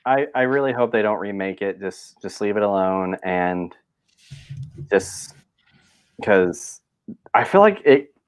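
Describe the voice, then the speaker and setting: A man's voice: fairly low pitch, animated, slow pace, long pauses, clear, resonant tone. A man hosting a casual podcast chat, talking in a rambling way with lots of fillers and restarts. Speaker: podcast host.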